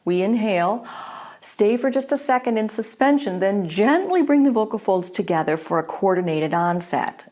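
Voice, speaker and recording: A woman teaching a voice lesson, explaining clearly and patiently. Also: lowish voice, mellow. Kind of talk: instructional voice lesson.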